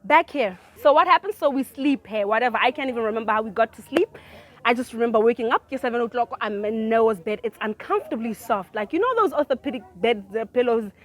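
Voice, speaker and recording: This is a woman with a fairly high voice, telling a personal story in a relaxed, chatty way. She drops into low mutters, then breaks into loud bursts of energy, and she often laughs between lines. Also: fast talker. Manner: animated, swinging from low mutters to loud outbursts; laughs through her own story. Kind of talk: casual storytime chat.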